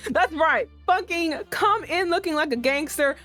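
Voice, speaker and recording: A young woman streamer reacting loudly and profanely while playing a romance visual novel. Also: extremely high pitch, expressive, unhurried. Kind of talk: live-streamed gameplay reaction. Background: faint music.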